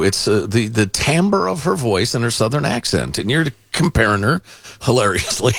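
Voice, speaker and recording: Sarcastic, wildly expressive male co-host. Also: mid-range voice, slightly rough, dry recording. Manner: sarcastic, mock-indignant. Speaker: podcast co-host. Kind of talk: casual political chat.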